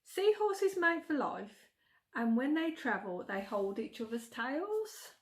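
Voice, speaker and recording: A middle-aged English woman with a Birmingham accent vlogs in casual chat, her voice high-pitched, sing-song and slow. She's chatty, giggling and stumbling over her words.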